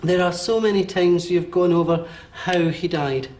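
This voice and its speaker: Animated Scottish man, slightly high voice. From Scotland. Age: 40s. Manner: animated, quick, thinking aloud with many fillers and checks. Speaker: medium giving a reading. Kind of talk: live one-to-one reading before an audience.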